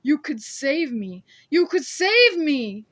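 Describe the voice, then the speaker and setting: A woman's voice: a little high, slow, no room sound. A woman reading an audiobook voices a menacing, scarred man who accuses and demands answers. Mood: pleading. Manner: accusing, growing to shouts. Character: menacing scarred adult man, angry and threatening.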